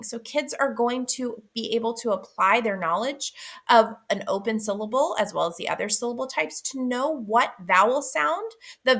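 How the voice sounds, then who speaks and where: Woman, literacy teacher, bright voice, slightly high, clear and deliberate. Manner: clear, deliberate, stretches out vowel sounds. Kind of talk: instructional explainer.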